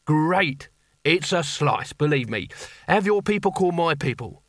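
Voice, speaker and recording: A man voicing a slick, busy male genie who talks in breezy, drawn-out sales patter. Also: on the high side, animated, a bit bright, dry recording, clean studio sound, voice pushed up.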